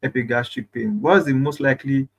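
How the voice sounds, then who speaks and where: Male quiz host, mid-pitch, talkative, repeats questions and cheers viewers on. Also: fairly quick, creaky, breathy edge, rough recording. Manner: repeats phrases, chatty, encouraging. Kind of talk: live online quiz reading.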